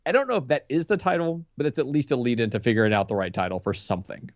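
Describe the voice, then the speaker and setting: A man's voice: mid-range voice, racing, no room sound, highs cut off. A man co-hosting a casual podcast, running a quiz with a teasing, amused manner. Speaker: podcast co-host, quiz master. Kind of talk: casual chat.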